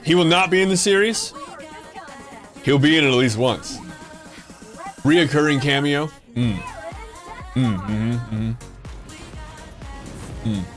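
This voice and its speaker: Male stream host, goofy banter, lively pitch, faint music underneath. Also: slow pace, long pauses. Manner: playful, jokey, breaks into silly sung bits. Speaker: livestream host. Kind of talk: casual chat with viewers.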